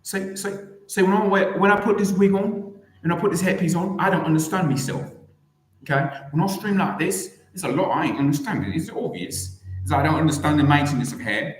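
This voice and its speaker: A man's voice: fairly high pitch, fairly quick. A man streaming, giving a rambling, mocking comedic commentary with lots of restarts. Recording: echoey room.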